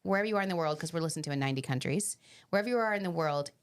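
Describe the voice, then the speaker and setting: A woman's voice: low voice, animated, very fast, clear, resonant tone. A middle-aged woman hosting a podcast, chatty and enthusiastic as she leads the conversation. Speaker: podcast host. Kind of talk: casual podcast chat.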